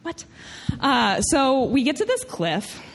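A woman from Tennessee with a Southern US accent, telling a personal story live on stage in a lively, self-mocking way. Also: sits high, slow pace.

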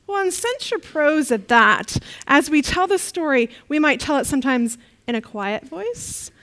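The audio is poor as a woman with a high voice, talking a little slowly, leads a church children's talk. She animates her story playfully and gets the children to say refrains along with her.

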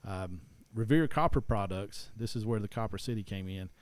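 Rambling man, low voice. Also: normal speed, dry recording. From East Tennessee. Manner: rambling, full of uh and restarts. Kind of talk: casual chat.

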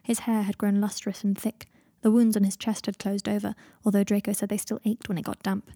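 A woman reading a story aloud in a calm, even way, with a husky voice. Her tone is dark and mellow. She is recorded close up and dry. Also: medium pitch, a little fast, no echo. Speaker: audiobook narrator. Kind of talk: fan fiction audiobook reading.

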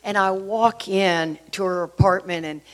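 A woman's voice: medium pitch, unhurried. A middle-aged woman from Texas, sharing a personal recovery story in an earnest, conversational way with many fillers. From Houston, Texas.

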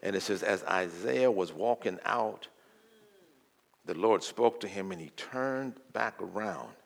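An older man preaching a sermon as a guest, telling folksy stories and building from quiet talk to loud declarations. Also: unhurried, creaky. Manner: folksy, swells from low murmur to loud preaching. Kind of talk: sermon with storytelling.

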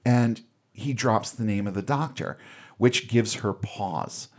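Male podcast host, lowish voice, casual plot-recap delivery, dry wit, offhand swearing. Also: takes it slowly.

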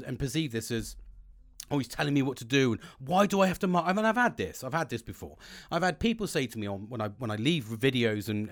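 A man hosting a podcast, giving a casual, sweary motivational talk into a home mic setup. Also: mid-range voice. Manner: heavy swearing, animated, acts out quoted people. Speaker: podcast host.

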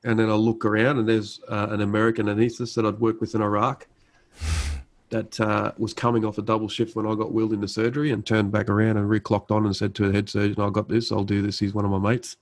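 On a low-quality recording, a guest in his thirties who works as an army medic narrates a story conversationally. He talks fast in a lowish voice with little pitch movement, relaxed, restarting often, dropping fillers, and acting out what people said.

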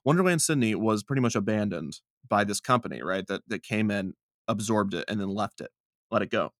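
A man who makes online videos, chatting casually in a rambling, animated way with frequent laughter. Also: on the low side, a little fast, no room sound, clean studio sound. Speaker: video creator and podcast host. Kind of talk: casual conversation.

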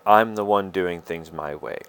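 Halting low-voiced man rambling on his podcast. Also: clean tone. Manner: halting, many fillers and restarts, confessional. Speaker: podcast host. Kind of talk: rambling personal monologue.

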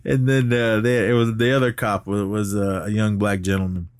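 A man co-hosting a podcast, recapping a film in a casual, animated way and often laughing while he talks. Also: normal speed, dry recording, clean studio sound. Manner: animated retelling, jumps up in pitch when quoting characters. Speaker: podcast co-host.

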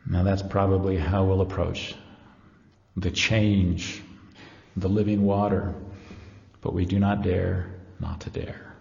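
A man's voice: deep voice, expressive, slow, vocal fry, pauses often, darkish tone. Earnest middle-aged male lecturer in a hall. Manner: earnest, storytelling, reads passages aloud. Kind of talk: live religious lecture. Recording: echoey hall, dull lo-fi.

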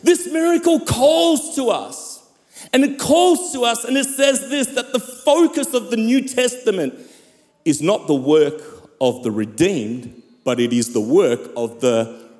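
A man's voice: high voice, animated, measured pace, darkish tone, big-room sound. A man preaching a sermon as pastor, fervent and calling out to the congregation. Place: church.

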